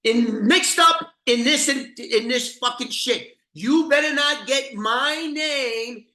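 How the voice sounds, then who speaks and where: A man voicing a furious old-school male hitman, shouting profane threats. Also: very high voice, animated, normal speed, pitched above the performer's own voice, exaggerated voice. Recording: roomy echoey room.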